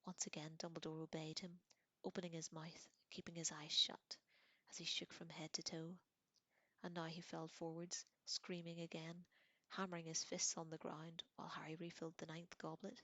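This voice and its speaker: A woman whispers her way through a novel in close, soft whispered role-play, sometimes correcting a slip. Her voice sits low, and the sound is dry with no room echo. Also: monotone, moderate pace. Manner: soft, close whispered reading with small slips. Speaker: audiobook reader.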